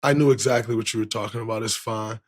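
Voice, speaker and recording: A man in his thirties hosting a podcast, telling a story in a casual, animated way, with lots of laughter and swearing. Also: lowish voice, fast. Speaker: podcast host.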